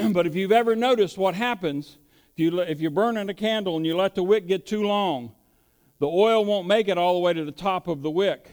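Male pastor mid-sermon, high resonant voice, preaches with questions and rising emphasis. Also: fairly quick, a little mellow.

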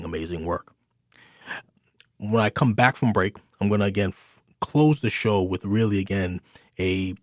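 A man hosting a community radio talk show, speaking in a halting way with many ums and uhs. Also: low voice, no echo, clean studio sound.

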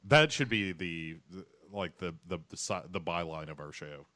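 A man's voice: low-pitched, animated, moderate pace, few pauses, background noise. A man co-hosting a podcast in casual chat, joking and rambling through recaps with lots of fillers. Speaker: podcast co-host.

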